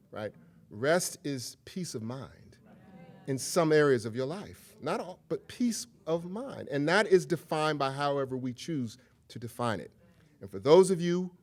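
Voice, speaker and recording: A man's voice: a little high, darkish tone. A middle-aged man giving a public lecture, telling personal stories in a candid, conversational way. He often checks in with the audience and slips into a humorous, preacher-like rhythm. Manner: humorous, preacher-like cadence at times. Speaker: guest lecturer.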